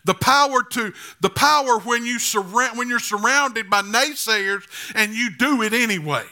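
Man, pastor, sermon, high voice, gravelly, bright sharp tone, emphatic repeated build-ups. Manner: repetitive rhetorical phrasing.

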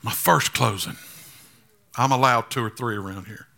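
A man's voice: mid-range voice, normal speed, creaky, sharp tone. A man preaching a sermon as pastor, building to emphatic, repetitive declarations. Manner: repetitive rhetorical phrasing.

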